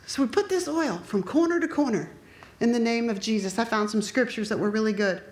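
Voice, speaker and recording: A woman's voice: on the high side, fairly quick, darkish tone. A middle-aged woman preacher giving an emphatic sermon and telling her own story, acting out what people said. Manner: emphatic, storytelling, acts out quoted speech. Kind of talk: sermon with personal testimony. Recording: echoey room.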